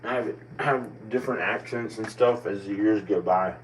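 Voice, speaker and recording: This is a rambling personal monologue from a forties-aged man whose American country accent colors a meandering, self-doubting train of thought full of restarts. He speaks at a normal speed in a lowish voice, picked up by a distant mic over faint background noise.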